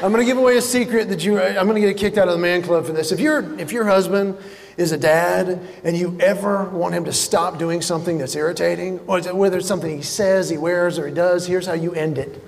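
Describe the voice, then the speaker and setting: A man doing stand-up comedy, telling animated stories and acting out the voices of the people in them. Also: high-pitched, brisk, creaky. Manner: animated storytelling, acts out voices. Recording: live hall with audience.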